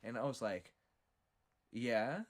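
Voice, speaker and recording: A man hosting a podcast who tells stories in a profane, animated way. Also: fairly high pitch, fairly quick. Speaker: podcast host. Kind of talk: casual storytelling.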